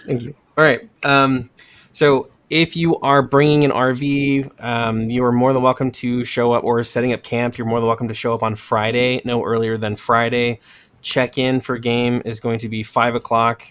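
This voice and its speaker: A man hosting a podcast in casual chat, relaxed and full of fillers. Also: medium pitch, moderate pace, smooth. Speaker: podcast host.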